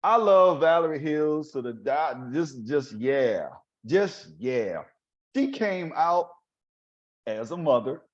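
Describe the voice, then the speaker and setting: A man from New hosts a podcast and tells stories in a casual, animated voice that sits a bit high for a man. He speaks straight to his listeners and chuckles now and then. The recording sounds dull and lo-fi. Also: slow. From New Orleans, USA. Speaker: podcast host. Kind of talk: casual storytelling monologue. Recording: dull lo-fi audio.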